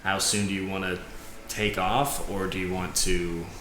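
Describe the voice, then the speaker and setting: A man with a lowish voice runs a tabletop role-playing session, narrating in loose, halting sentences full of fillers. The recording sounds echoey, with background noise throughout. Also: flat delivery, a bit bright. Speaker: game master.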